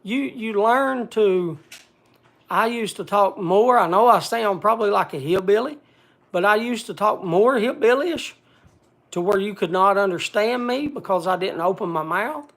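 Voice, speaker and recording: A man speaking bluntly to a group in casual talk, halting often and restarting his sentences. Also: sits high, animated, vocal fry, a bit bright. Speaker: speaker addressing a group gathering.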